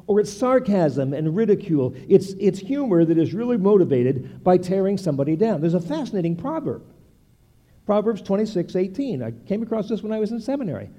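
An older man, a pastor, preaching a sermon with animated delivery and playful asides to the congregation. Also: high voice.

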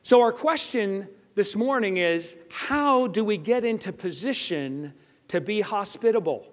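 High-voiced man preaching in an echoey chapel. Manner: storytelling, earnest, rhetorical questions to listeners. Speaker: chapel speaker. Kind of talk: sermon with personal story. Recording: echoey hall, slightly dull.

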